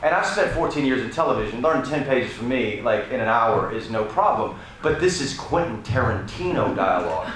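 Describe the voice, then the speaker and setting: A man on a press panel telling an animated anecdote, with lots of restarts and swearing. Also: mid-range voice, normal speed, hardly any pauses. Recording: echoey room, background noise.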